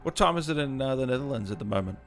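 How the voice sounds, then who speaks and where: A man's voice: medium pitch, expressive, very fast, faint music behind. A tired Australian man hosting a casual live gaming stream, reading viewer comments aloud and answering them in a laid-back way. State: tired, just woke up.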